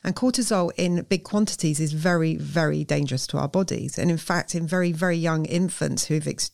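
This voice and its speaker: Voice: medium pitch, brisk, creaky, a little mellow, no room sound, studio quality. A therapist, explaining earnestly and emphatically in a conversational interview. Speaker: therapist guest.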